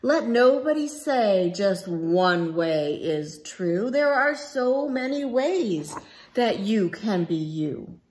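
A woman reading as a gentle, poetic young lion from a storybook, speaking softly and earnestly at an unhurried pace. His lines rise and fall with lots of melody. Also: mid-range voice, lively intonation.

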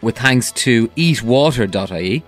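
Irish man co-hosting late-night radio, relaxed and chatty, mid pitch. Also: moderate pace, soft background music. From Ireland. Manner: chatty, laughing. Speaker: radio co-host. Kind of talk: casual radio chat.

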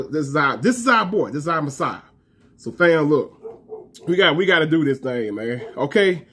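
A man in his thirties rants casually to his viewers about college football, emphatic and repetitive, talking fast and full of slang. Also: a little high, slightly rough. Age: 30s. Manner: talks fast. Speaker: college football fan vlogger. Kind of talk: casual fan rant to camera.

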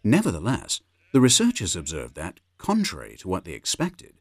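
A man narrating a wildlife documentary in a measured, informative scripted delivery. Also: low voice, wildly swooping pitch, husky, dry recording.

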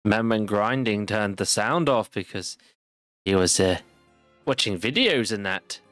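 A man's voice: fairly low pitch, measured pace, a bit bright, dry recording, soft background music. A man streaming a game from home, rambling casually and poking fun at himself as he plays. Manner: rambling and self-deprecating. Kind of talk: casual live-stream commentary while gaming.

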